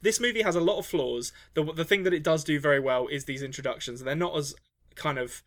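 A man's voice: on the high side, fast talker. A man co-hosting a movie podcast, talking casually with lots of restarts and ums. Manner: rambling, many restarts and ums. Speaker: podcast co-host. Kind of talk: casual movie review chat.

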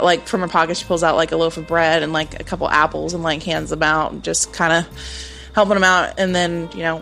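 A woman's voice: on the low side, fairly bright tone. A woman playing a tabletop game, describing her character's actions in a rambling way with many fillers. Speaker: player.

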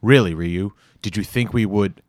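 A scheming male boss who blusters and demands, as a male audiobook narrator puts him on. The voice sits above the reader's low register, indignant and pompous. It is recorded close and dry, with no room sound. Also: moderate pace, no room sound, close to an everyday voice. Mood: blustering.

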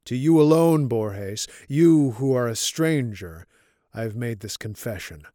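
A man's voice: mid-range voice, lively intonation, measured pace, mellow, no room sound, studio quality, lightly acted. A man reading as a scarred, guilt-ridden confessor. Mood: grave confession. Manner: grave, intense confession.

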